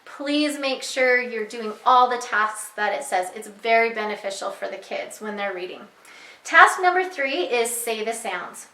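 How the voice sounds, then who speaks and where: Young woman teacher, bright and higher voice, patient and clear, explaining a reading lesson to parents. Echoey room. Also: lively intonation. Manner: clear, patient, slows to model sounds. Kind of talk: instructional walkthrough for parents.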